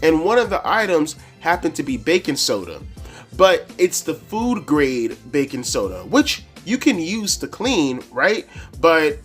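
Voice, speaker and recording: A man telling a casual, profane story to camera as a wrestling reviewer, animated and full of slang. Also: a little high, measured pace, faint music behind.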